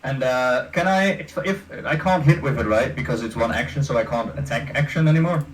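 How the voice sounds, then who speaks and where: A man's voice: mid-range voice, brisk, distant mic, slight background noise, low-quality recording. A man playing a tabletop game, chatting casually and teasing the other players. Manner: joking, teasing banter.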